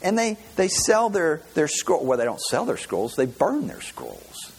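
A male pastor preaching a sermon, telling Bible stories in an animated way and often stringing thoughts together with "and". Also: a little high, unhurried, creaky, breathy edge. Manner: animated, storytelling, with many repeated "and"s.

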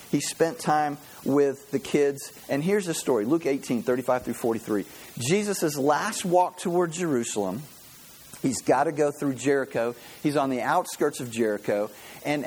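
Husky guy preaching, kinda high voice, storytelling, acts out the voices. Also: a little mellow, rough recording. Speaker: pastor. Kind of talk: sermon.

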